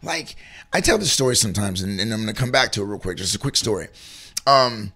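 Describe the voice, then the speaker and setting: A man's voice: lowish voice, lively intonation, fast talker, gravelly, sharp tone, husky. A man co-hosting a casual chat, talking earnestly and rambling about faith and feeling good. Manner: earnest, rambling, acts out little voices in stories. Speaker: co-host.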